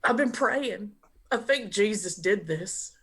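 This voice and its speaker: A woman's voice: medium pitch, lively intonation, slow pace, a bit bright. A woman voicing a doting, pious middle-aged mother who gushes over her athlete child, in a tabletop role-play. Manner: gushing, pious, sentimental.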